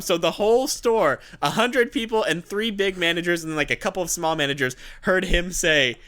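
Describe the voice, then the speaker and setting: A young man co-hosting a podcast, telling a work story in animated, laugh-filled casual chat. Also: a little high, normal speed, hardly any pauses. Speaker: podcast co-host.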